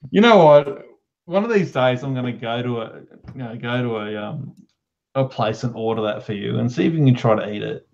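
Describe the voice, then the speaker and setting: A man's voice: medium pitch, animated, brisk, vocal fry, a little mellow. A man joking and laughing his way through a casual chat as a stream co-host. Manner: joking, goofy, laughs a lot. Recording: dull lo-fi stream audio.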